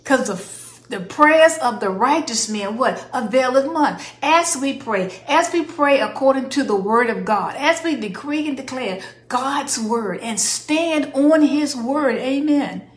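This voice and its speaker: A woman's voice: sits high, lively intonation, measured pace, roomy sound. A woman preaching a sermon, repeatedly asking "what?" for the congregation to answer, with emphatic declarations. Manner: call-and-response questions, emphatic declarations.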